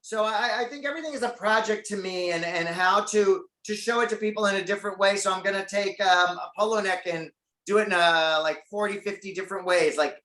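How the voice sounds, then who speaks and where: High-voiced man, chatty storyteller, echoey room. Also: a little fast, sharp tone. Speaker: guest. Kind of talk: casual interview chat.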